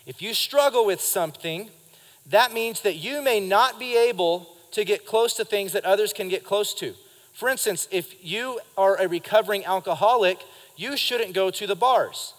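Man preaching in a reverberant church. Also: sits high. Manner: lively preaching, acts out quotes and addresses the congregation. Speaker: pastor. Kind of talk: sermon. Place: church sanctuary during a live service.

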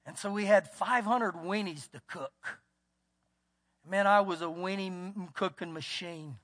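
A man's voice: high-pitched, a little slow, fairly bright tone. A man with a Texas accent preaching a sermon as pastor, telling folksy stories and acting out what people said, in a church sanctuary. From United States. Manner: folksy storytelling, acts out quotes. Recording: church hall with long reverb.

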